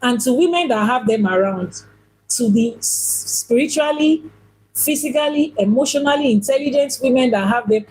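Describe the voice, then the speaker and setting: A woman's voice: on the high side, normal speed, darkish tone, slightly rough, rough recording. A woman giving a spiritual teaching talk as an Ifá priestess, emphatic and repeating phrases for stress.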